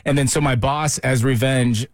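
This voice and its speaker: A man's voice: medium pitch, steady tone, normal speed, slight background noise. A man co-hosting a radio show, joking in casual banter with a laid-back, slangy manner.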